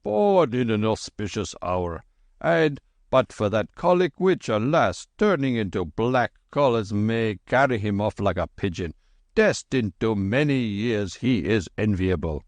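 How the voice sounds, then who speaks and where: A man's voice: lowish voice, expressive, a little slow, dry recording. A man doing a pompous, heavy-voiced quack doctor. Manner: pompous, long-winded. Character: boastful middle-aged male quack doctor, thick heavy voice. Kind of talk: audiobook character voice.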